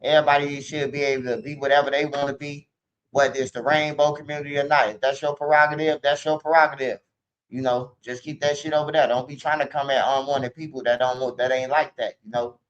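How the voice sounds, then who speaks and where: A man's voice: medium pitch, level tone, fast talker, lo-fi sound. A man in a casual rant, rambling and profane, full of street slang and repeating himself.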